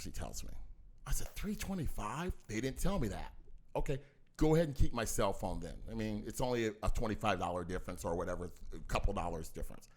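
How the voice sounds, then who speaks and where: Guy with a low voice telling a story, forceful, acts out the back and forth. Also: quick pace. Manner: animated, acts out both sides of a dispute; talks forcefully. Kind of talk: casual storytelling on a podcast.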